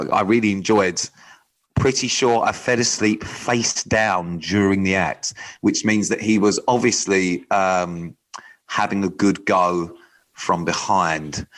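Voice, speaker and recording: A man hosting a podcast in casual chat, hesitant and dry, with many pauses and ums. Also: low-pitched, fairly bright tone, rough recording. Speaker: podcast host.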